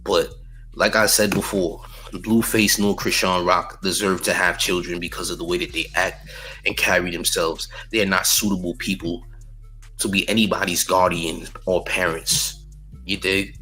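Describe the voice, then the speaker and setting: A man's voice: sits low, flat delivery, moderate pace, pushed and bright, soft background music, low-quality recording. A man giving opinionated celebrity news commentary, blunt and emphatic, often repeating slang tags at the end of his points.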